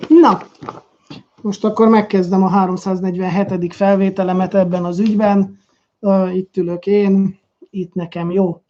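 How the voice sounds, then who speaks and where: A man's voice: high voice, flat delivery, normal speed, muffled recording. A man with a Hungarian accent, a business coach rehearsing a video introduction to camera, stopping and restarting with many fillers.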